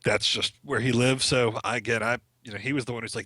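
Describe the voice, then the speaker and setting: A man's voice: medium pitch, normal speed, bright, forceful tone, no room sound. A middle-aged man, a podcast guest, chatting casually and telling stories with frequent laughter. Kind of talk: casual storytelling chat.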